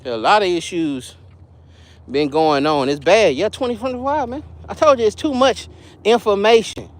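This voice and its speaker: A man's voice: high-pitched, moderate pace. A man giving casual live-stream commentary, emphatic and repetitive, often laughing. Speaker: online commentator on religious leaders.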